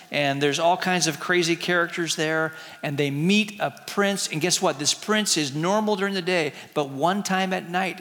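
Brief: lively storytelling teacher, man with a bright, ringing voice, echoey hall. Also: on the high side. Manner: chatty, asks the audience questions. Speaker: teacher retelling a book. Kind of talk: storytelling to a group with slides.

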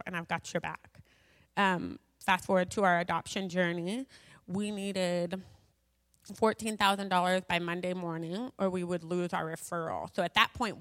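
A woman's voice: fairly low pitch, fairly bright tone. Woman telling a faith story in a reverberant hall. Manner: chatty storytelling with many fillers and asides. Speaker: speaker sharing a personal testimony. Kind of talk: personal faith story told to a gathering.

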